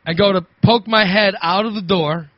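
A man's voice: high voice, moderate pace, no echo. A man telling a rambling, repetitive story in casual chat, laughing often. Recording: dull lo-fi recording.

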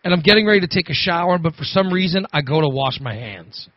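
A man's voice: on the high side, lively intonation, quick pace, dry recording. A man telling a rambling, repetitive story in casual chat, laughing often. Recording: dull lo-fi recording.

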